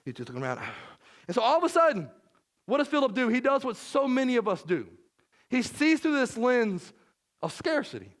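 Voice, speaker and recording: A man's voice: very high voice, very animated, a little fast, a bit bright. A man preaching a sermon as pastor, conversational, with frequent "right?" asides, and he acts out the disciples' worried voices.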